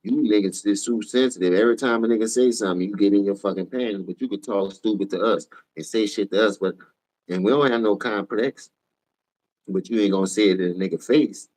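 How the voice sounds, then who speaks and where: A tired man with a New Orleans accent ranting profanely on a casual sports livestream, switching between low mumbles and loud outbursts. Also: a little fast. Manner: profane, heated, jumps between mumbling and shouting.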